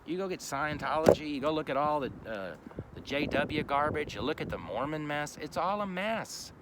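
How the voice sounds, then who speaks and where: Blunt, swearing man preaching over loud traffic. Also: on the high side, lively intonation, moderate pace. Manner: blunt, profane and emphatic. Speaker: street preacher. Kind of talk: informal preaching. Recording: loud traffic noise outdoors.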